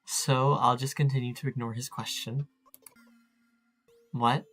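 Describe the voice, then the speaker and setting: Speaking with a flat delivery, this man has a slightly bright, mid-range voice and an unhurried pace, with faint music behind him. He plays a text adventure in casual let's-play style, reading lines aloud and joking about them self-mockingly.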